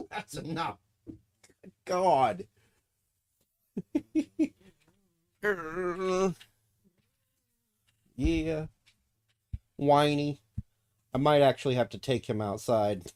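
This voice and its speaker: A man's voice: a little high, very slow, pauses often, darkish tone, clear, resonant tone. A man streaming casually, cooing to his dog in baby talk and swearing freely when he rants. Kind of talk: casual live-stream chat.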